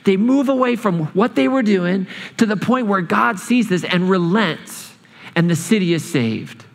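A man preaching a sermon, storytelling with lively changes of speed and emphasis in a church hall. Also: high-pitched, creaky. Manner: animated storytelling, speeding up and slowing down. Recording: long hall reverb.

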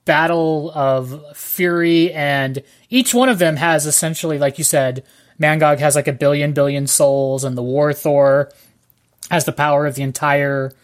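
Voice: medium pitch, a little slow. A wry, blunt co-host on a casual comics podcast. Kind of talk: casual chat.

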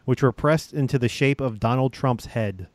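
A man hosting a loose comedy podcast, moving through news stories with plenty of fillers and restarts. His voice sits at a middle pitch. The recording is close and dry, with no room sound. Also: normal speed, no echo. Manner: hesitant, filler-heavy delivery with stop-start restarts. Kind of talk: casual comedic podcast chat.

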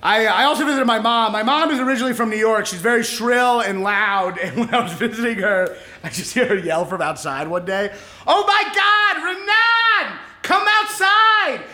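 A man in his thirties from Kentucky doing a deadpan, self-mocking stand-up set and chatting with the crowd. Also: sits high, brisk, few pauses. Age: 30s. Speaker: stand-up comedian. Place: comedy club stage. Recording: echoey club, audience laughter.

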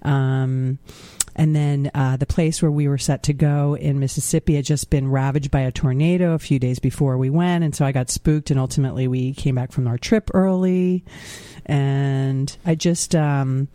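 A man's voice: a little high, steady tone, moderate pace, dark tone, no room sound. A man co-hosting a podcast, chatting casually and reflectively, laughing often. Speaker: podcast co-host. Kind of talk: casual chat.

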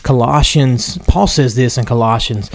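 A man's voice: mid-range voice, normal speed, vocal fry. A male podcast co-host explaining a Bible passage, stumbling over restarts and checking in with the listener. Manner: leans on "right?" to check in. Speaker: podcast co-host teaching scripture. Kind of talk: Bible study discussion.

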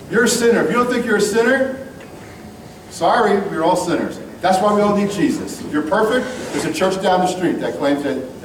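A man delivers a sermon in a blunt, casual, emphatic style, his voice pitched fairly high. He sounds a step back from the microphone in a roomy, echoing church hall, with faint music underneath. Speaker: pastor. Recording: echoey room, mic at a distance, faint music.

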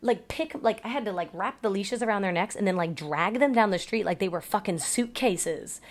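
A woman's voice: mid-range voice, moderate pace. A woman dog trainer telling stories in a casual podcast chat, swearing freely and filling her speech with "like" and "um". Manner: profane, chatty storytelling with many fillers.

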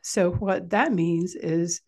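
Calm, low, gravelly-voiced woman teaching. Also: slow. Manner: calm, explanatory, coaching. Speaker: parenting speaker. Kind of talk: informal instructional talk.

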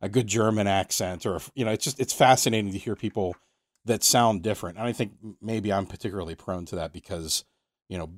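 An American man hosting a casual interview, thoughtful and halting, often restarting his sentences. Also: fairly low pitch, dry recording, clean studio sound. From United States. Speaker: podcast host.

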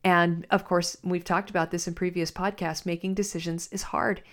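Woman podcast host, reflective talk, halting delivery. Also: fairly low pitch, flat delivery, fairly bright tone. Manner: thoughtful, halting, many restarts. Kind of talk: reflective spoken commentary.

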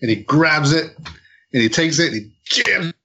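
A man's voice: on the high side, lively intonation, normal speed, bright, forceful tone, husky, poor audio. A man co-hosting a comic book podcast, retelling a story in a rambling way with many restarts. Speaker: podcast co-host. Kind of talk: casual comic book review chat.

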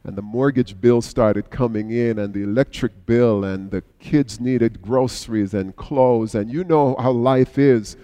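A middle-aged male pastor preaching a sermon, telling a story with sudden swings between hushed and raised passages. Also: mid-range voice, a little slow, hardly any pauses. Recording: long hall reverb.

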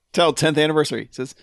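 A man's voice: a little high, creaky, dry recording, studio quality. Casual, laughing male podcast co-host. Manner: laughs often, swears casually. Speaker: podcast co-host reading listener emails. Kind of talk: casual chat.

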